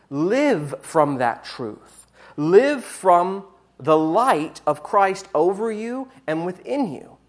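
A preacher delivering a sermon in an earnest teaching manner, sometimes stopping to correct a word. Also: medium pitch.

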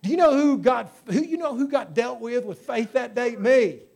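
A middle-aged pastor delivers a sermon in a fairly high voice for a man. He moves between loud, fervent exhortation and low, hushed storytelling. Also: animated, normal speed, gravelly. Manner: preaching with swings from shouting to hushed storytelling.

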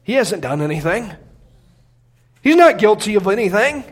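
Very high-voiced preaching man. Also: expressive, fairly quick, breathy edge. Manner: emphatic preaching, repeats words, bursts of raised voice. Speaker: pastor. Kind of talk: expository sermon.

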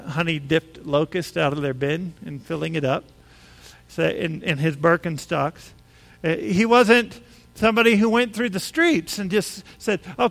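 A man preaching a sermon in a high voice. He talks to his congregation casually, then presses into animated, emphatic stretches when a point matters. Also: big-room sound. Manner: conversational, animated with rising emphasis. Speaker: pastor.

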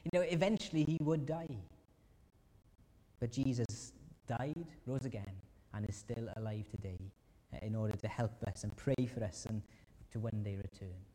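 Preacher with a mellow voice in a hall. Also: male voice, moderate pace. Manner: earnest, acts out anguished prayers with rising pitch. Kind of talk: sermon. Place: church hall. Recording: long reverb of a church hall.

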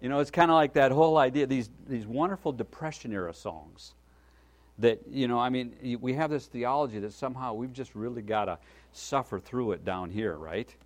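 A man preaching a sermon, telling a story in a folksy, lively way and often checking in with a "right?". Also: mid-range voice, fairly quick.

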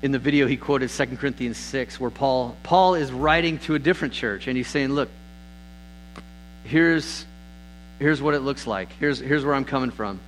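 A man's voice: moderate pace, slight background noise, rough recording. A man preaching a sermon as pastor, earnest in tone, lifting his voice when he reads scripture aloud. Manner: earnest, rises in pitch and volume on scripture readings.

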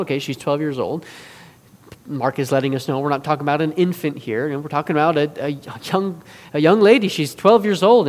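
A man preaching a sermon in an earnest way, moving between forceful and hushed delivery. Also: a little high. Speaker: pastor. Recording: long reverb of a large hall.

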